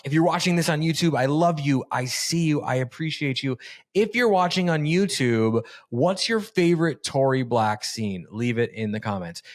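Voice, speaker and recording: Hyped profane podcast host man. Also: mid-range voice. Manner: profane, hyped, rapid-fire questions. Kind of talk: casual podcast interview and outro.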